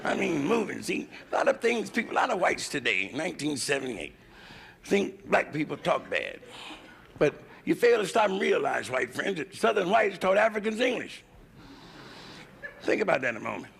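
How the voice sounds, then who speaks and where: Gravelly American stand-up comic. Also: male voice, on the high side, very animated, moderate pace, fairly bright tone. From United States. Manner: crude, conversational, working the crowd. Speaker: stand-up comedian. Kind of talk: raunchy nightclub stand-up. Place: Las Vegas hotel nightclub stage. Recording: noisy 1970s live VHS tape.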